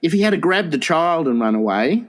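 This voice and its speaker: Aussie bloke on a crude comedy podcast, laughs heaps, swears, pitch jumps all over. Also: male voice, sing-song, a little fast. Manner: laughs often, swears, swoops into squeaky voices for quotes. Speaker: podcast co-host.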